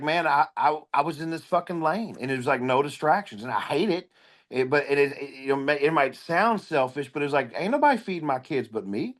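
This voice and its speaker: A man with a somewhat high-pitched voice speaks bluntly and emphatically, swearing freely. He talks as a comedian guest in an interview. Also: fairly bright tone. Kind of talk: candid interview storytelling.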